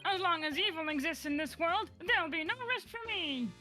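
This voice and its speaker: Woman voicing a zealous, loud detective. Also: lively intonation, a little fast, faint music behind, exaggerated voice. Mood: earnest. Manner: booming, self-righteous declarations. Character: zealous male police detective, loud and earnest. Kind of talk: fan voice acting of a game.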